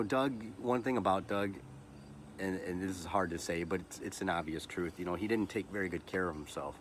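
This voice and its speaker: A podcast host in his thirties with a low-pitched voice delivers a personal, emotional monologue that often halts, repeats words and restarts, with motivational asides mixed in. There's slight background noise.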